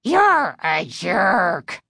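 A woman voicing a nasty male ventriloquist dummy in a low, throaty, rasping growl, speaking slowly and insultingly. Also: wildly swooping pitch, fairly bright tone, dry recording, clean studio sound, heavily acted. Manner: slow, insulting.

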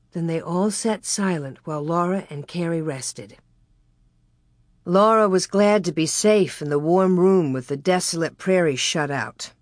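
A woman reading a children's story aloud in a slow, gentle narration. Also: on the low side, dry recording, studio quality. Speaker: reader.

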